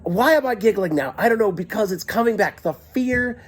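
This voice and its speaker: Male comic storyteller, husky voice with a lively, swooping pitch; excitable, giggly, filmed on a handheld camera. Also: normal speed. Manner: excitable, giggling, shouts quoted lines.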